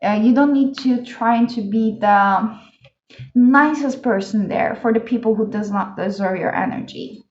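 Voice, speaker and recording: A woman's voice: fairly high pitch, a little slow, a little hiss or hum. A woman giving a casual pick-a-card tarot reading, chatty and enthusiastic, with lots of "uh" and "like" fillers. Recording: echoey room, dull lo-fi sound.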